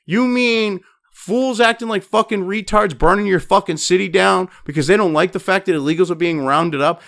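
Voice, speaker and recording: A man angrily ranting and cursing as he reads news items aloud, breaking off into loud outbursts. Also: high-pitched, moderate pace, vocal fry, dry recording, studio quality. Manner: angry, swearing constantly, swinging between flat reading and loud outbursts. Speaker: commentator reading and reacting to news. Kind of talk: profane political rant over news reading.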